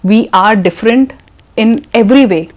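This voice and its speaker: A woman's voice: on the high side, normal speed, darkish tone. A woman, coaching her viewers on in a direct, lecturing manner full of rhetorical questions. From India. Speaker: YouTube English coach. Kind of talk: advice talk to camera.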